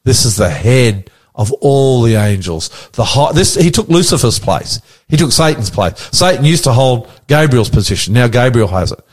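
A man's voice: medium pitch, big pitch swings, moderate pace, hardly any pauses, breathy edge. An Australian pastor leading a conversational Bible study, animatedly quizzing his co-host with questions.

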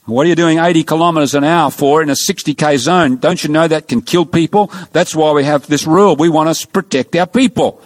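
A man's voice: on the high side, a little fast, few pauses, close to an everyday voice. A man playing a stern but kindly male traffic policeman who scolds a speeding driver. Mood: scolding. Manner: scolding, then lenient.

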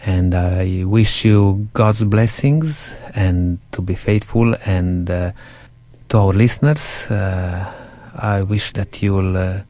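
A man hosting a religious radio program, speaking haltingly with many fillers. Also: deep voice, mellow, dry recording.

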